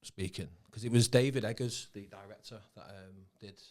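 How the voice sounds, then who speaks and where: A man from Manchester, a guest actor, talking calmly and matter-of-factly on a podcast. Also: fairly low pitch, moderate pace. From Manchester, England. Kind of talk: casual podcast chat.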